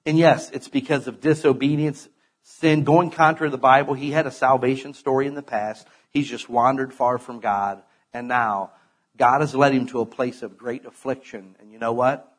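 A man's voice: medium pitch, fairly even intonation, moderate pace. A middle-aged man preaching a sermon in a conversational way, with sudden emphatic bursts.

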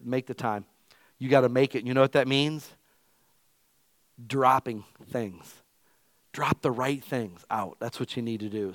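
A man's voice: medium pitch, a bit bright, no room sound. A male pastor giving an emphatic, conversational sermon to his church.

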